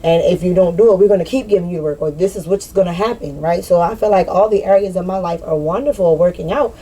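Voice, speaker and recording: A woman talking candidly in a personal vlog, slangy and animated, swearing and laughing at herself. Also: on the low side, fast talker, breathy edge. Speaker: spiritual vlogger.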